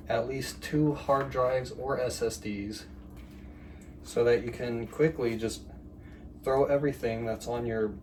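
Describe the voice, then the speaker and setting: A man's voice: medium pitch, darkish tone, distant mic, slight background noise. A man vlogging in a home kitchen, telling a story and giving tips in a rambling, chatty way with lots of fillers while he cooks. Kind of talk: casual talk while cooking. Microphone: phone set at a distance.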